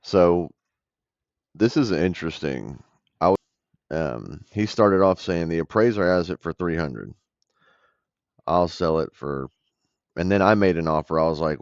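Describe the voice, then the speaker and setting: Man from the South, very deep voice, blunt coaching tone, dry muffled recording. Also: normal speed, pauses often, no echo. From American South. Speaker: real estate investor explaining a deal. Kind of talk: casual commentary over a call recording. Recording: dull dry voice-over.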